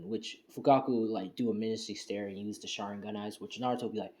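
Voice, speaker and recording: A man's voice: medium pitch, fast, darkish tone. A man casually retelling a fan story, rambling with lots of fillers like "you know" and "and stuff". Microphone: home screen-recording setup.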